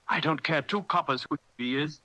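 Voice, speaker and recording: A blustering one-legged pirate cook, as a male reader puts him on, hearty on the surface and cunning underneath. His voice is pitched well above the reader's own, loud, with rough sea-dog phrasing and a bright, forceful edge. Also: moderate pace, no echo, poor audio. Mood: indignant.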